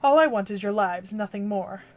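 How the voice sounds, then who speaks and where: An actor playing a ruthless cursed warrior monk spirit in an anime dub, cold, boastful and mocking. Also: male voice, high voice, normal speed. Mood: menacing.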